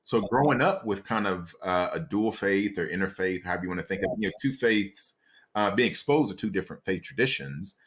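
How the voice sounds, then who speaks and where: A man from Columbus, Ohio, a psychotherapist talking as a podcast guest, reflective and halting as he searches for his words. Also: low-pitched, expressive. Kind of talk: casual interview conversation.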